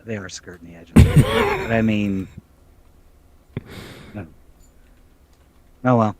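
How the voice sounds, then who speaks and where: A man co-hosting a casual podcast chat, jokey and talkative, his pitch jumping up when he gets excited. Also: takes it slowly, heavy background noise. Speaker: podcast co-host.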